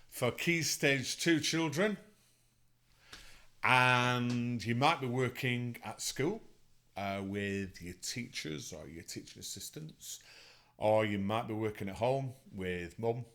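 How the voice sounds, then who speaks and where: A man's voice: mid-range voice, slow pace, fairly bright tone. A man teaching an online music lesson to children, upbeat and encouraging as he counts them in. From England.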